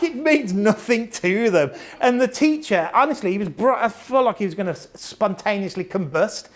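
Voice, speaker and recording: A British parent gives a live talk to an audience about autism and behaviour, speaking fairly quickly at a medium pitch with big swings in tone. She's chatty and blunt, jokes around, laughs often, swears casually and acts out quotes.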